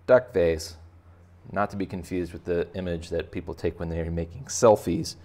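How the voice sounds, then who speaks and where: A man's voice: low-pitched, normal speed, a little mellow. A man teaching kids to draw, chatting casually and making joking asides while he sketches. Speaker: art teacher. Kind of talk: casual drawing tutorial for kids.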